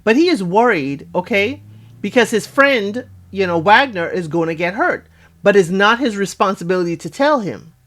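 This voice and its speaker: A woman's voice: medium pitch, lively intonation, moderate pace. A woman recapping a reality dating show in a casual, sassy way, with asides to her viewers. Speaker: recap host.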